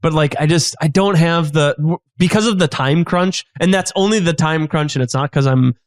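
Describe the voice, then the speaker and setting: A man's voice: a little high, moderate pace, no echo. A man who is a guest comedian on a casual comedy podcast, talking in a rambling, self-interrupting way on a close mic.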